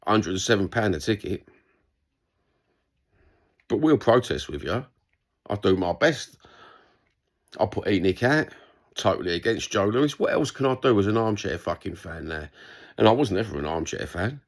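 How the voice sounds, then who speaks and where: Gravelly, low-voiced London bloke; angry vlog rant, lots of swearing and repetition. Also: male voice, expressive, normal speed, long pauses. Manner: heated, sweary, repeats himself. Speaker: vlogger responding to a comment.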